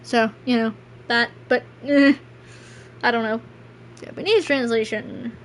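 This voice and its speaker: A woman's voice: a little high, fairly even intonation, unhurried, slight background noise. A woman streaming a game and chatting casually as the credits roll, rambling and self-deprecating. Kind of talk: casual gameplay stream chat.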